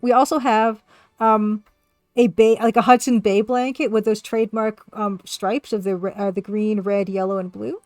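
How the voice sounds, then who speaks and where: A woman's voice: mid-range voice, flat delivery, moderate pace, darkish tone, no echo, clean studio sound, faint music behind. A woman from Canada, a game artist and developer, chatting casually on a live stream and answering viewers in a chatty, self-deprecating way.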